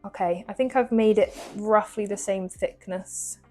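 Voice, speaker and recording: This baking vlogger from England has a medium-pitched, darkish voice and keeps a measured pace. She's young and talks casually to viewers as she bakes at home, joking at her own expense over soft background music.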